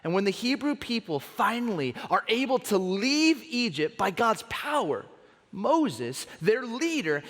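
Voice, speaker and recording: A man preaching with a high, lively voice that rises and falls as he tells stories. He slows down for dramatic pauses. Long reverb trails off each phrase in a large church auditorium. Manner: animated storytelling, dramatic pauses. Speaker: pastor. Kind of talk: sermon.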